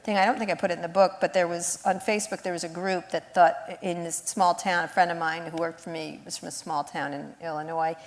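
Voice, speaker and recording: A woman's voice: lowish voice, steady tone, brisk, few pauses. A woman journalist talking as a guest on stage, telling blunt, sardonic stories and mimicking other people. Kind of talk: live on-stage conversation. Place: stage in an event hall.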